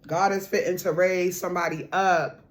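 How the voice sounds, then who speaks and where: A woman's voice: fairly low pitch, normal speed, slight background noise. A woman giving a casual spiritual card reading to her viewers, repeating her points with emphasis and calling the listener boo and honey. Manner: bursts into loud laughter and raised voice when excited.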